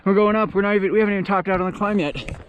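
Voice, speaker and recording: A man narrating a trail run out loud in a casual, enthusiastic way, out of breath as he climbs a high mountain trail outdoors. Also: very fast, highs cut off, a little hiss or hum. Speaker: trail running vlogger and coach. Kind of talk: casual vlog narration while running.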